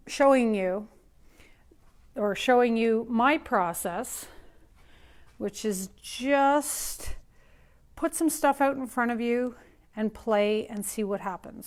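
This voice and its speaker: Woman, painter, live studio demo, chatty, thinking aloud, a bit high-pitched.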